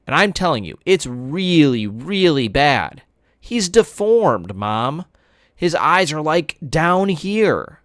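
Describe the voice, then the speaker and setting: Woman doing an exasperated schoolboy, pitched up. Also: sing-song, slow, no echo, clean studio sound, exaggerated voice. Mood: insistent. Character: middle school boy, blunt, exasperated.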